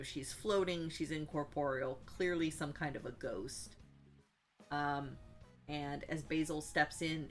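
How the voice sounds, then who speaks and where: A woman's voice: low-pitched, a bit bright. A woman casually recapping a tabletop role-playing session, rambling with many fillers and asides. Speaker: player recapping a tabletop game.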